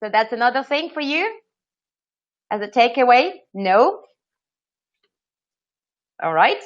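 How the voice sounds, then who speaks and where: A woman running an online training webinar, lively and asking her audience questions. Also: high-pitched. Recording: slightly dull lo-fi audio.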